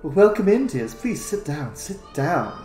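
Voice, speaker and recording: A man's voice: on the high side, very animated, measured pace, darkish tone, faint music behind, pitched above the performer's own voice. A man voicing a gracious, formal noblewoman tiefling baroness, in a roomy recording. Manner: formal and stately. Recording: roomy echo.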